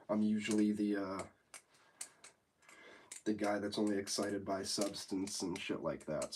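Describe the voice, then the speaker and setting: A man's voice: fairly low pitch, darkish tone, a little hiss or hum. A congested young man from the United States hosting a casual livestream chat, rambling and laid-back with plenty of swearing. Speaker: livestream host.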